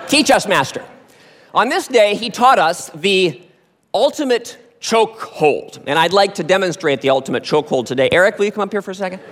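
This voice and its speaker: Man, storytelling talk on stage, high voice, long hall reverb. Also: fairly quick. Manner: lively, animated storytelling with acted-out voices. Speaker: speaker.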